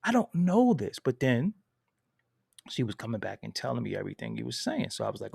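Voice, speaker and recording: A man's voice: mid-range voice, sing-song, brisk, creaky, a little mellow, slightly rough, dry recording, clean studio sound. A man telling a story in a casual, profane and emphatic way, laughing between lines.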